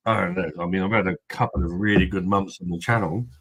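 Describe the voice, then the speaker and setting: Husky, deep-voiced man. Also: steady tone, fast talker, a bit bright, no room sound, rough recording. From Kent, England. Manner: bantering, crude jokey chatter with viewers. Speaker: host of a beer review live stream. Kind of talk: casual live-stream chat.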